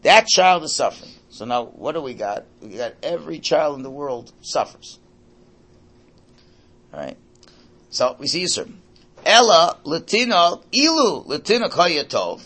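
Older guy teaching a class, swoops up and down a lot, kinda raspy, always going "okay? right?". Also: on the high side, measured pace. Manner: animated, keeps checking in with listeners. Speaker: religious teacher. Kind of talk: lecture to a class.

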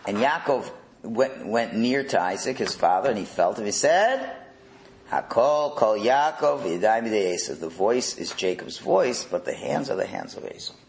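A middle-aged man leading a religious text class, animated, firing rhetorical questions and repeating words. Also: fairly low pitch, normal speed, vocal fry, echoey room, a little hiss or hum, poor audio. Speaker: religious teacher.

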